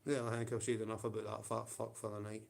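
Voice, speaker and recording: A man's voice: lowish voice, flat delivery, quick pace, vocal fry. A man with a Scottish accent ranting on a livestream, profane and confrontational, with blunt taunts.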